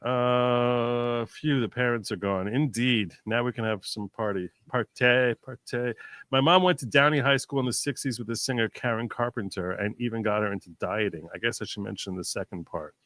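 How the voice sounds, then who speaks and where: A man's voice: medium pitch, fairly quick, few pauses, a bit bright, no room sound. A man hosting a casual live stream, reading viewers' jokes aloud and reacting to them.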